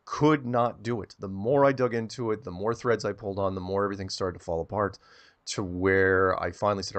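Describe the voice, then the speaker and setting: A man telling a long story as an interview guest, rambling and animated, often repeating words as he starts a sentence. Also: low voice, a little fast.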